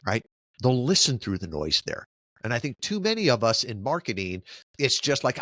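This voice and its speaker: A middle-aged man answering interview questions in a lively, storytelling way, often checking in with "right?". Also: mid-range voice, moderate pace, no echo. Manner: animated storyteller who keeps asking "right?". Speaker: podcast guest, marketing company founder.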